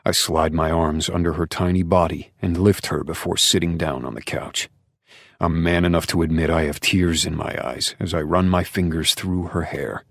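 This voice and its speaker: A man narrating a dark romance audiobook in the first person, with intense, emotional delivery and hushed passages. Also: low voice, steady tone, normal speed, gravelly, dry recording, clean studio sound.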